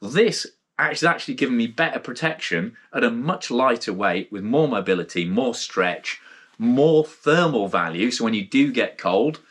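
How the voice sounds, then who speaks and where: A man's voice: medium pitch, expressive, normal speed, fairly bright tone, breathy edge. A man with a British accent hosting a casual spoken gear review, frank and rambling, with blunt asides and frequent restarts. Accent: British English. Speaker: mountain bike gear reviewer, channel host.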